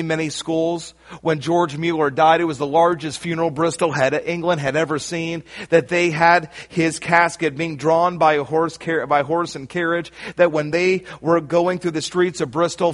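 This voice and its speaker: Emphatic preaching man, fairly high voice. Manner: emphatic, rising to shouts on key lines; addresses listeners directly. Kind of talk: sermon.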